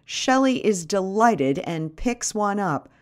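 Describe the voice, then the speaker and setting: A woman's voice: mid-range voice, sing-song, slow. A woman host telling a comic first-person story with wry, dramatic narration.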